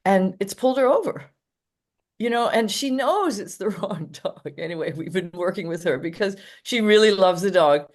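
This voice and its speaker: A woman's voice: medium pitch, animated, moderate pace. An older woman, a dog trainer, chatting casually in an interview and telling rambling anecdotes with frequent laughs.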